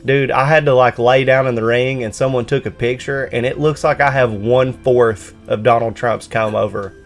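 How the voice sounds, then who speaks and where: A man's voice: medium pitch, fairly even intonation, normal speed, faint music behind. A man hosting a gaming live stream, bantering casually and swearing freely. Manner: profane, laid-back banter. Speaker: streamer host.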